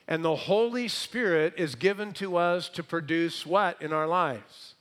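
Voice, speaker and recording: A man preaches and keeps quizzing the congregation, his delivery shifting between loud, emphatic bursts and whispered lines. The voice is a little high, and the pace a little slow.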